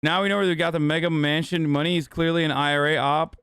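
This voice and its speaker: A man's voice: a little high, steady tone, fast talker, fairly bright tone, clean tone, no room sound, clean studio sound. A man hosting a casual livestream reaction, joking, sarcastic and profane. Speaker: streamer host.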